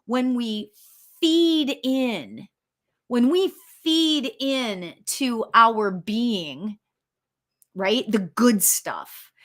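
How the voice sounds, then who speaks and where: Woman host, medium on a live stream, chatty and encouraging, with a fairly high, lively voice. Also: drawn-out words. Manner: chatty and encouraging, reads viewer comments aloud; animated, leaps in pitch, laughs often. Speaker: spiritual medium hosting a live show. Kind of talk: casual live-stream talk.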